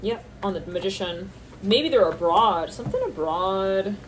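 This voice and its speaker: A woman at a medium pitch gives a loose, channeled tarot reading, rambling from card to card and giggling as she goes. She jumps into squeaky high reactions whenever she mimics someone. A faint background hum sits under her voice. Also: a little slow, rough recording. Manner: rambling, thinking aloud between card names, often laughing. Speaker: tarot reader.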